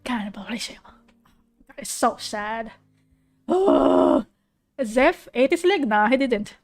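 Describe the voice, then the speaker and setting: Young female streamer, slightly high voice, effusive rambling chat, faint piano underneath. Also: expressive, unhurried. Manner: rambling, effusive, emotional, with restarts. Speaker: vtuber streamer. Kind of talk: casual chat reacting to an anime. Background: soft piano music.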